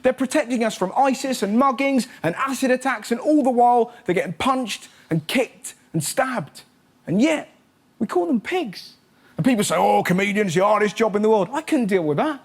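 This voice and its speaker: High-voiced comic on stage. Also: male voice, expressive. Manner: sarcastic, punchy delivery with quick asides. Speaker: comedy show host. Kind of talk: stand-up monologue. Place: TV studio stage. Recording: loud studio audience laughter.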